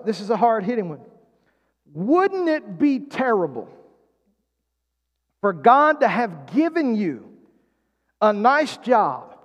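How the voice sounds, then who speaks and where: A man preaching a sermon as pastor, drawing the congregation in with calls and questions. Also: extremely high pitch. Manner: preaching with call-and-response prompts. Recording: long hall reverb.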